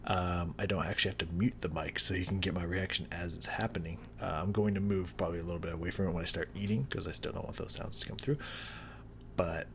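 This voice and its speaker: A man vlogging a hot sauce tasting to his viewers, talking casually and haltingly as he describes the burn. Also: deep voice, fairly even intonation, fairly bright tone, a little hiss or hum. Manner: talks through the burn, halting and drawn out. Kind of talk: casual chat to camera. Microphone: new studio mic.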